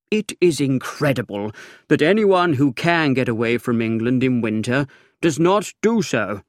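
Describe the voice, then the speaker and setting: A man narrating an audiobook in the first person, with a languid, dry, measured reading. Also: medium pitch, sing-song, no room sound. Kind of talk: scripted narration.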